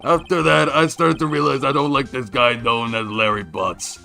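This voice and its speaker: A man voicing an excitable, lovestruck young male artist in a video game, loud and eager. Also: medium pitch, moderate pace, vocal fry, soft background music. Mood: excited.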